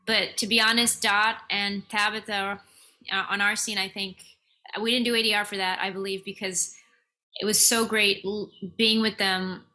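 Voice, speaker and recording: Bright-voiced actress on a video call. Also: female voice, medium pitch, flat delivery, normal speed.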